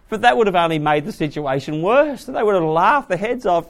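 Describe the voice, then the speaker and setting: A man preaching a sermon, retelling a story with lively voices and asking the audience questions. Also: on the high side, brisk, few pauses.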